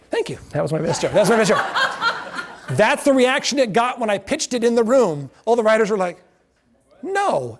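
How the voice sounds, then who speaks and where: High-pitched guy lecturing, telling stories and doing all the voices. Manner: animated storyteller acting out quotes. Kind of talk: anecdotal lecture to an audience.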